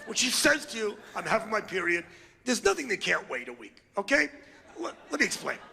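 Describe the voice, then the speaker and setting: A middle-aged man doing a brash, crude, ranting stand-up comedy routine on stage, with loud outbursts. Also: sits high, big pitch swings, brisk, vocal fry. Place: comedy stage before a live audience.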